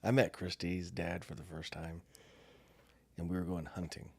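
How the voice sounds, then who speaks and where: A middle-aged American man co-hosts a podcast, his low voice creaky and husky, moving at a moderate pace with no room sound. In casual chat he tells a story as an animated storyteller, acting out the quotes and voices of the people in it.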